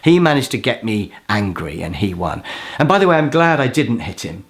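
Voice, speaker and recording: Animated male instructor telling a story. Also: fairly low pitch, normal speed. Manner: animated, self-mocking storyteller who acts out quotes. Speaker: course instructor. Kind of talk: storytelling lesson.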